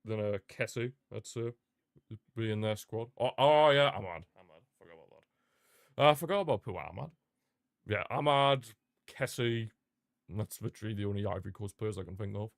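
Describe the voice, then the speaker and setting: A man's voice: on the low side, a little fast, vocal fry, no echo, clean studio sound. Chatty young man reacting live. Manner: chatty, reacts aloud, laughs and exclaims at the match. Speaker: football watchalong streamer. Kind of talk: live watchalong commentary.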